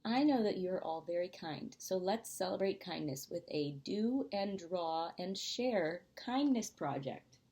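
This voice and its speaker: A woman voicing a kind, patient teacher in a storybook reading, speaking in a gentle, teacherly way. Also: lowish voice, lively intonation, measured pace, few pauses. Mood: encouraging.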